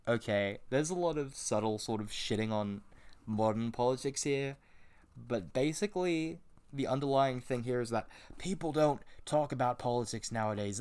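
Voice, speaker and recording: A man's voice: medium pitch, a little mellow. A man reading a book aloud and breaking off into casual, sarcastic commentary with some swearing. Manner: casual, sarcastic asides and swearing between read passages. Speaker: reader and commentator.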